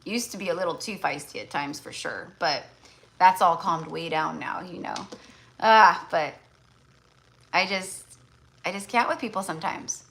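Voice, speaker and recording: A woman's voice: on the low side, moderate pace, vocal fry, long pauses, fairly bright tone, low-quality recording. A woman tarot reader in casual livestream chat, blunt and chatty, full of fillers.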